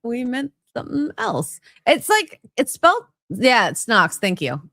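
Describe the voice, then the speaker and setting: A woman's voice: on the high side, wildly swooping pitch, a little slow, vocal fry, a bit bright, no room sound, clean studio sound. A woman co-hosting a livestream, playfully telling stories in casual chat. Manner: playful, storytelling. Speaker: livestream co-host.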